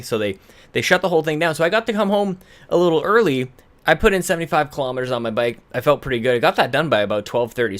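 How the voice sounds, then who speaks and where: A man's voice: mid-range voice, fairly bright tone. A man hosting a podcast intro in a casual, rambling way, correcting himself as he goes and sounding a little out of breath. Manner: rambling, self-correcting, chatty. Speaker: podcast host. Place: home in British Columbia.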